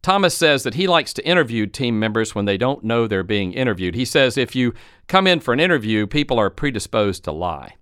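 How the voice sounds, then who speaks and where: A man with a smooth, resonant voice gives a coaching talk, recorded dry and close. He tells anecdotes and plays out the lines of the people in them. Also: medium pitch, big pitch swings, a little fast, fairly bright tone, no room sound. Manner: retells anecdotes and acts out quoted speech. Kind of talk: instructional storytelling talk.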